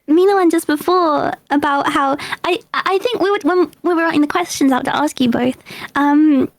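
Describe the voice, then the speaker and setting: A woman's voice: high voice, moderate pace, no room sound. A young British woman hosting a casual stream chat, giggly and chatty, with many fillers. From United Kingdom. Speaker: streamer host.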